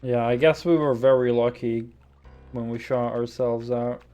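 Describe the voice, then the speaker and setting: A man's voice: mid-range voice, fairly even intonation, unhurried, warm tone, clean tone, soft background music. Rambling male streamer signing off. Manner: rambling, hesitant, with many fillers. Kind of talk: casual stream sign-off chat.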